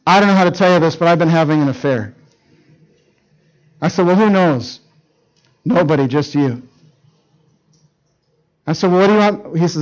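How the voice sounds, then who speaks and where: Storytelling male preacher, fairly high voice. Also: low-quality recording. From Canada. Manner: storytelling, acting out dialogue, urgent. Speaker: pastor. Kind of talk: sermon to teenagers.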